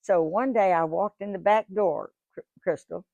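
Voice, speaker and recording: A woman in her 90s, a guest speaker and singer, tells stories to a live audience in a museum lecture room, chatty and folksy, often repeating words and restarting. Her voice is fairly low, gravelly and slightly mellow at a moderate pace. The sound is lo-fi with no echo.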